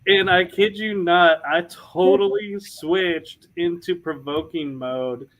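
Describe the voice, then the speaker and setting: An American man recounts a story at an unhurried pace in a friendly podcast chat. His voice sits a little high, and he leans into the story by playing out each quoted exchange. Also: slight background noise, poor audio. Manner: animated anecdote-telling, acting out quoted dialogue with repeated "I was like". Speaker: paranormal investigator, podcast co-host.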